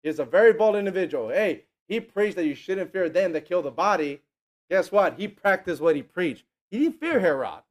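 Guy preaching a lively sermon, kinda high voice, keeps acting out bits in mocking tones and laughing. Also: a little fast. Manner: animated, acts out quotes in mocking voices, laughs often.

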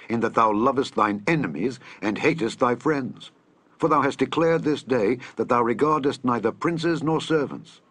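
A man's voice: mid-range voice, fairly bright tone, husky, no echo. A man reading the lines of a stern army commander who rebukes his king, his voice raised and reproachful.

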